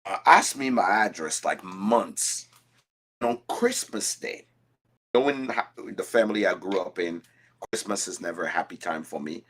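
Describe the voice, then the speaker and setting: A man chatting casually as a contestant on a whiskey show, animated and telling personal stories with frequent restarts. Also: deep voice, moderate pace. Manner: animated, storytelling with repeated restarts. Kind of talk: casual chat.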